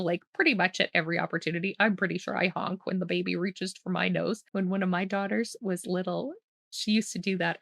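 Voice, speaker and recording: A woman's voice: mid-range voice, gravelly, no echo. Mom-ish woman doing storytime, voice bouncing all over, dry close sound, giggly asides for kids. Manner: animated, laughing, playful asides to children. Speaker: children's storytime host. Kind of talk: reading a picture book aloud to kids.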